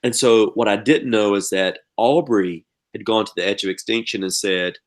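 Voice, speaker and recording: A man's voice: lowish voice, moderate pace. A middle-aged man with an Eastern North Carolina accent, telling stories dramatically as a podcast guest. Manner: animated, dramatic storyteller. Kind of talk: casual storytelling chat.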